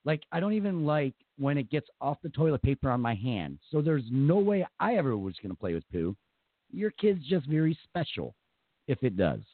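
A man's voice: medium pitch, very animated, normal speed, no echo, narrow, tinny audio. A man hosting a radio talk show in casual, joking chat, often laughing and mocking.

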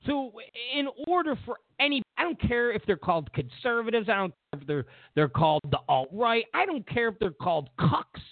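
A male host gives animated political commentary, his pitch jumping all over the place as he sounds incredulous and repeats himself. He speaks briskly with few pauses. The audio is thin and phone-like, dry and close, with no room sound.

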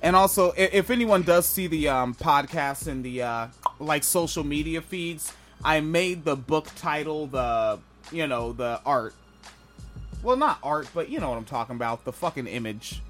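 A man's voice: on the high side, animated, moderate pace, a bit bright, soft background music. A man in his thirties hosting a podcast book club in casual chat, joking, profane and rambling. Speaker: podcast host.

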